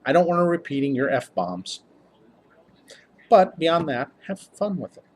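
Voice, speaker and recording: A man's voice: on the high side, sing-song, unhurried. A tired man, a game master, giving casual tips to camera in a rambling, upbeat way. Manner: rambling, self-interrupting, upbeat.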